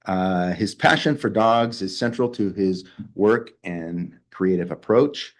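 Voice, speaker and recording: A low-pitched man opens a club meeting with a casual introduction. He talks haltingly and reads from his own handwritten notes. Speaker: photo club host introducing a speaker.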